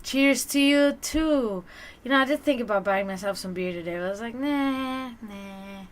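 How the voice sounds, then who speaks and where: A woman hosting a livestream, chatting casually with viewers and telling stories in a lively way, acting out the voices of the people in them. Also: medium pitch, brisk. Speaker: livestream host.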